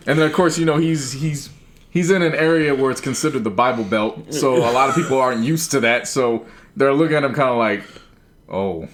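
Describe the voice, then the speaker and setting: A man with an ordinary mid-range voice, co-hosting a podcast. He talks in a relaxed, casual way and walks through a story step by step. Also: mid-range voice, normal speed, pauses often, crowd noise. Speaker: podcast co-host. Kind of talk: casual chat.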